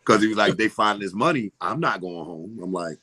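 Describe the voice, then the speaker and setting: A middle-aged comedian from Philadelphia, USA, tells stories as a guest in a casual interview. His voice is on the low side and a little fast. He's an animated storyteller who acts out voices and laughs a lot.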